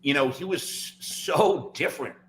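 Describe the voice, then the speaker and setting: A man's voice: on the high side, a little slow, fairly bright tone, slight background noise, rough recording. A man, a podcast guest, telling a long personal story in casual chat, often tagging "right?" and "like". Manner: rambling, fills talk with "like" and "right?".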